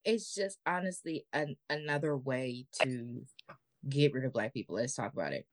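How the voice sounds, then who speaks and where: Speaking at a moderate pace, a low-voiced woman co-hosting a podcast tells a story casually, animated and slangy, swearing freely. Her voice is close and dry, with no echo or room sound.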